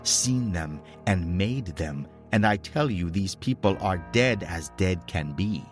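A man playing a tough old career officer, grave and measured, in a storybook horror reading. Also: on the low side, animated, soft background music, voice pushed up. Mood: grim.

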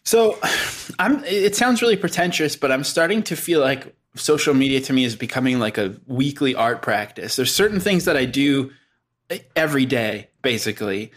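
A man's voice: medium pitch, expressive, normal speed, fairly bright tone. Reflective man musing on habits. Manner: reflective, self-aware rambling. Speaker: podcast guest. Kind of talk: casual podcast chat.

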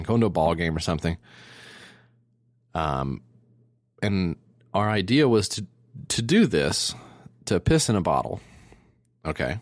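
A man co-hosting a comedy podcast, telling crude stories in a rambling, deadpan way. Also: deep voice, no room sound, studio quality. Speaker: podcast co-host. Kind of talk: casual comedy chat.

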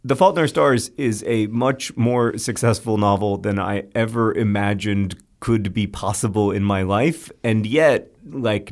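Laughing, rambling male podcast host. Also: on the low side. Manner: laughs often, rambling self-corrections. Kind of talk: casual podcast chat.

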